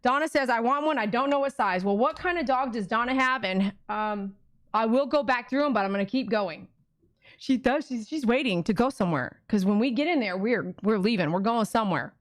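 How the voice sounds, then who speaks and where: A woman's voice: fairly high pitch, lively intonation, fairly quick. Chatty woman selling on a live stream. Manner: chatty, talks to her dogs and viewers. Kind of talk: casual live auction chat. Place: at home.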